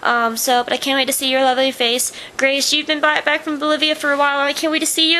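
A woman's voice: high-pitched, steady tone, quick pace, hardly any pauses, bright, forceful tone, a little hiss or hum, poor audio. A young woman chatting casually to her webcam, rambling through stories and gushing sign-offs. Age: young adult. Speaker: vlogger. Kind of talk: casual vlog chat.

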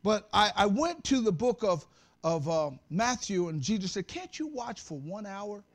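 A man preaching a sermon as pastor, talking straight to his congregation with humor and breaking into shouts at the high points. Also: very animated, measured pace. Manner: conversational, addresses the congregation directly.

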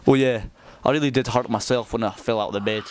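A man's voice: mid-range voice, fairly even intonation, fast talker, noisy background. A young man narrating a comic parody vlog, playing up a self-mocking tough-guy persona with playful exclamations. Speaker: vlogger.

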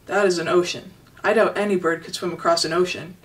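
A woman doing a calm, formal robot mother. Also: on the low side, far from the mic, lightly acted, rough recording. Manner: formal, measured, no contractions.

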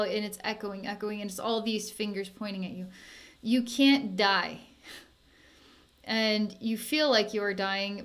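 This slightly high-voiced woman is a psychic healer talking softly through an energy healing session, soothing throughout, with occasional sighs and little laughs.

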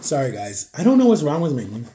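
Congested man, slightly high voice, halting confessional vlog from home. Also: huge pitch swings, dark tone, slight background noise. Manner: rambling, halting, searching for words. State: congested, stuffy nose. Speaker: vlogger. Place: at home, eating on camera.

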